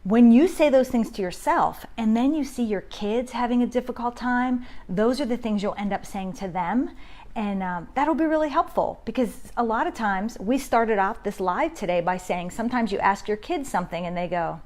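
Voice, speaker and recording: A middle-aged woman hosts a parenting live stream from home on her phone, teaching in a casual, conversational way and greeting viewers by name. Her voice sits on the high side and sounds animated and a little mellow, moving at a normal speed.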